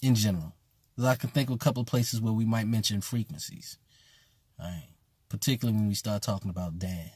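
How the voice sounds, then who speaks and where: A man's voice: fairly low pitch, quick pace, a little mellow, slightly rough, no echo. A man who teaches at a voodoo temple, talking bluntly and casually with emphatic repetition. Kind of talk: casual spoken commentary.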